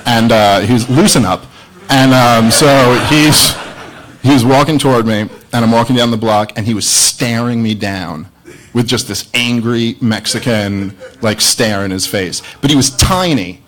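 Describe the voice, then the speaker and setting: Opening a debate with a stand-up set, a man speaks unhurriedly in a medium-pitched, fairly bright voice, and the audio is poor. His story to the laughing live audience is rambling and self-deprecating.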